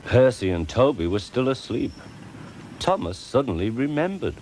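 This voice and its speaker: A man narrating a children's storybook in a gentle, expressive reading voice. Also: mid-range voice, normal speed, a little hiss or hum.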